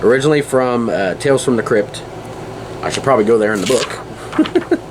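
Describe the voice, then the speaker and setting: A man's voice: mid-range voice, normal speed, background noise. A man in his forties hosting a casual podcast, rambling and chuckling often. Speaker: podcast host.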